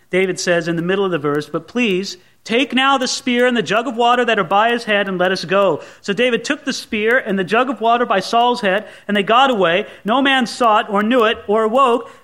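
High-voiced pastor preaching dramatically. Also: male voice, fairly bright tone. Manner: dramatic, acts out the scene in voices. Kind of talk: sermon.

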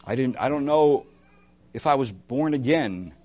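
A man preaching a sermon as pastor, impassioned, moving between loud emphatic lines and hushed ones, asking his listeners direct questions. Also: medium pitch, lively intonation, a little slow.

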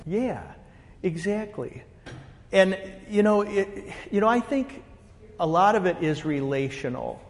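Chatty pastor with a high-ish voice. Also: male voice, a little slow, long reverb tail. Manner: animated, rambling, many fillers. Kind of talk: casual storytelling in a group chat.

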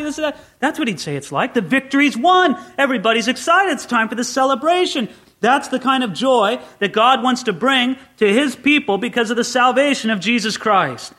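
High-voiced pastor preaching animatedly. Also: male voice, quick pace. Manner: animated, swings from hushed asides to excited peaks. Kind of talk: expository Bible sermon.

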